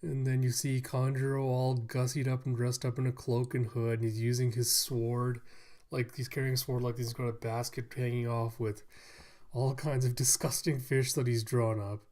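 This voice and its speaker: A man casually reviewing a comic chapter, retelling it with animated energy and acting scenes out. His voice sits in the middle of the male range. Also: mid-range voice, moderate pace. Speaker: manga reviewer.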